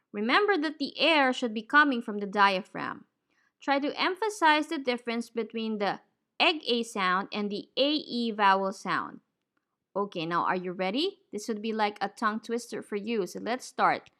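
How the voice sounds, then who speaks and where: A woman teaching English pronunciation, modeling words slowly and clearly for learners to repeat. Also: a little high, sharp tone. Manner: slow, clear, drawn-out word modeling.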